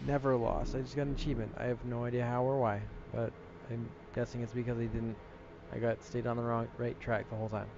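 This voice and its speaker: A man's voice: mid-range voice, little pitch movement, quick pace, few pauses, muffled recording. A man casually commenting while playing a game late at night, laid-back and self-deprecating, sounding tired. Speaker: gaming streamer. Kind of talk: casual let's-play commentary.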